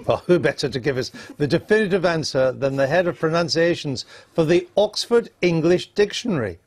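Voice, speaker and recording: A man's voice: a little high, animated, brisk, darkish tone. A man presenting a live political studio show, questioning guests in a wry, playful way.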